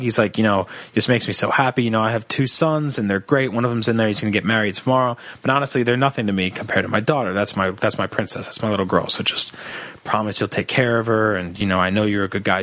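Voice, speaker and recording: A young man on a comedy podcast, telling a long personal story in an animated, joking way and acting out the people in it. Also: lowish voice, fast talker, dry recording. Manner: animated storyteller, acts out quoted voices. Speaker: podcast co-host.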